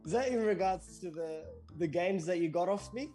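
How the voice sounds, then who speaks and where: A man chats as a podcast guest in a relaxed, easygoing tone. His pitch moves freely, and faint music sits behind him. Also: normal speed. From Australia. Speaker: guest on a call. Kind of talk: casual chat.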